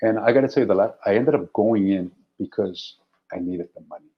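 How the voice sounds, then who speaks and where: A middle-aged man, a guest actor, telling stories in an animated, anecdotal way during a casual interview. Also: lowish voice, brisk. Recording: dull lo-fi audio.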